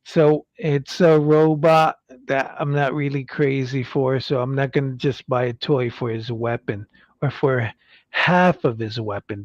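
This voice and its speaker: A man's voice: medium pitch, no echo, muffled recording. A man hosting a casual toy-review livestream, rambling with fillers and restarts as he reads product copy aloud. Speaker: livestream host.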